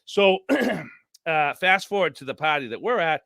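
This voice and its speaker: A man telling stories on a podcast as a guest, animated and rambling, acting out quotes. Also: a little high, moderate pace, smooth, dry recording, clean studio sound. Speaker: podcast guest, former contestant. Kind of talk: casual storytelling chat.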